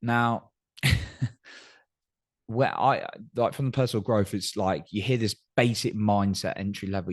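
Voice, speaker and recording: Guy doing a motivational podcast solo, lowish voice, earnest, keeps saying right. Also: a little slow, pauses often. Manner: earnest, coaching, says "right?" often. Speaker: podcast host.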